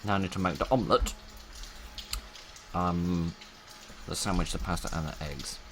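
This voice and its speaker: A deep-voiced man talks through a game in a wry, rambling patter, muttering to himself as he works out each step. Noise sits clearly behind his voice. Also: moderate pace. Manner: wry, chatty, talks to himself while playing. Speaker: gaming YouTuber. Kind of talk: casual let's-play commentary.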